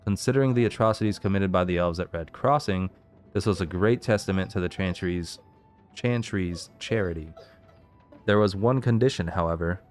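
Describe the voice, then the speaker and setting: A man's voice: sits low, normal speed, soft background music. A man hosting a let's play, reading game lore entries aloud and stopping now and then to puzzle over how to say a name.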